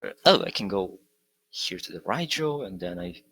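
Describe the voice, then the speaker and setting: Very deep raspy man thinking aloud. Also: expressive, moderate pace, a bit bright. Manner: mumbles, thinking aloud over his moves. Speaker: board game player. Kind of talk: casual game-table chat.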